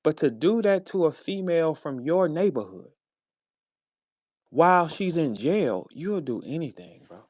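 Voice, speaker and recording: A man from St. Louis on a fiery, unscripted rant, with a voice pitched a touch high for a man. He talks bluntly and coarsely, drops into low muttering, then flares up high again. The sound is close and dry, with almost no room around him. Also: sing-song, a little slow, a little mellow, dry recording. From St. Louis, USA. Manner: blunt, profane, swings between low grumbling and high-pitched outbursts. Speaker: rapper speaking in an audio chat room. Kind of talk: heated casual rant.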